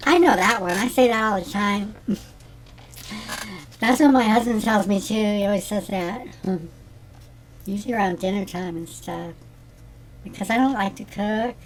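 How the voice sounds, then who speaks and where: As Janis Simpleton, a scatterbrained, self-absorbed middle-aged schoolteacher, a man performs a scripted comedy monologue as the character host. His voice sits high and moves at a moderate pace with frequent pauses, lightly acted, giggly and airily rambling.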